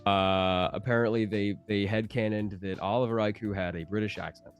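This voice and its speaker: A man's voice: lowish voice, fairly even intonation, normal speed, soft background music. A man telling laid-back stories on a virtual convention panel, laughing as he goes. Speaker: voice actor panel guest. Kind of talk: casual convention panel storytelling. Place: online video call.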